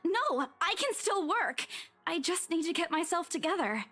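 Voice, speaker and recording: A woman streamer reading the lines of a shaken young woman, quiet and apologetic, a little off the mic. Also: very high voice, very animated, normal speed, soft background music, pitched above the performer's own voice, heavily acted.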